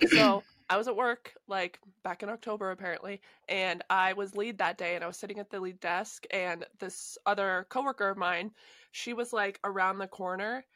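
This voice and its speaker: This is a woman co-hosting a casual podcast. She is relaxed and laughs easily as she tells stories from work. The recording is dry and close-miked. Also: medium pitch, no echo. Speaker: podcast co-host. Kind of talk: casual chat and storytelling.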